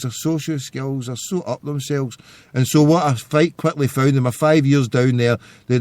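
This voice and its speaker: A man's voice: mid-range voice, darkish tone, no echo. A man, hosting a podcast and telling stories in a loose, rambling monologue. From Scotland. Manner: rambling storytelling. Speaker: podcast host. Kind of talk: casual monologue.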